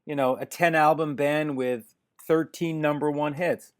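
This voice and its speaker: Brief: male interview host, jokey and conversational, slightly higher voice, rambling questions. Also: fairly even intonation, measured pace. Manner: jokey, chatty questions with many restarts. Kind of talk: casual interview chat.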